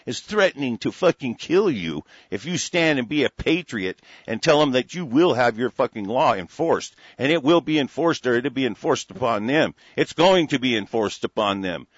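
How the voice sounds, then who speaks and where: A man's voice: medium pitch, lively intonation, moderate pace, hardly any pauses, breathy edge, no echo. Brief: man mid-rant, heated and profane, dry dull lo-fi sound. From United States. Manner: heated, profane, repetitive restarts. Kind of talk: angry ranting monologue.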